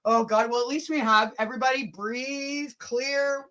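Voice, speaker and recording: Woman, brash, profane, teasing, livestream chat, bit high voice. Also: fairly even intonation, normal speed. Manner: loud, profane, laughing, teasing. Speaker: livestream co-host.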